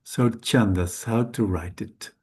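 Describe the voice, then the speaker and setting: A man whose first language is Dutch, teaching Sanskrit letters in a slow, careful lesson, hesitant and correcting himself often. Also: on the low side, a little mellow, breathy edge. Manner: hesitant, halting, with frequent self-corrections.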